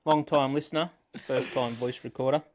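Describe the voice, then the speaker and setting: A man in a voice message, ribbing a podcast's hosts. His delivery is flat and monotone, and his voice sits at a middle pitch. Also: brisk. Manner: jokey ribbing. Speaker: listener sending a voice message. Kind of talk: recorded voice message.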